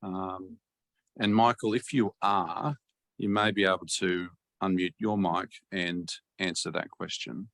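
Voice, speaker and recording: A deep-voiced man chairs a council webinar. His voice has a gravelly fry, and he speaks in a measured, hesitant way with plenty of fillers. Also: steady tone, fairly bright tone. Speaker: meeting chair.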